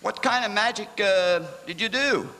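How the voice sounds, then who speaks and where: Gravelly straight man at a comedy show. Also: high voice, moderate pace, bright, forceful tone. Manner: mock-formal straight-man replies. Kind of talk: live stage comedy routine. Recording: amateur live show, hall reverb.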